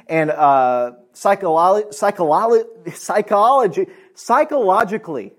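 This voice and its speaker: Young male pastor, emphatic sermon delivery, a touch higher-pitched than most men, fillers throughout. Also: expressive, unhurried. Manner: earnest, emphatic preaching with frequent fillers.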